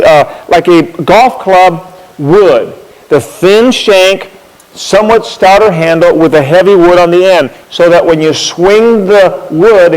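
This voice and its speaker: A man with a slightly raised pitch tells history as a rambling, friendly anecdote. He often repeats a word while he finds the next thought and points things out with props. The sound carries a long, echoing reverb, as if from a large hall. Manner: chatty, repeats words while gathering thoughts; demonstrates with props as he talks. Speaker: speaker telling history. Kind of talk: anecdotal storytelling talk.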